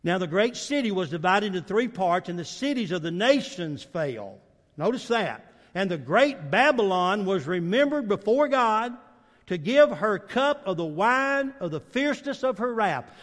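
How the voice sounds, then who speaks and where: Brief: male preacher, high-pitched and animated, emphatic sermon delivery, long church-hall reverb. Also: normal speed. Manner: rises to loud emphatic preaching, drops to low intense tones.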